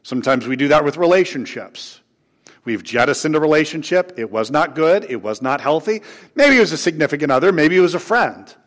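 A man preaching a sermon to his congregation, swinging between raised, emphatic lines and soft, low asides. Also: lively intonation, fairly quick. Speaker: pastor. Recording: long hall reverb.

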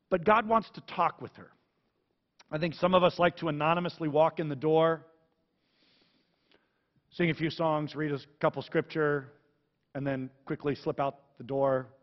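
A man pastor preaching a sermon in an animated, conversational, jokey way. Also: mid-range voice. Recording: echoey hall, dull sound.

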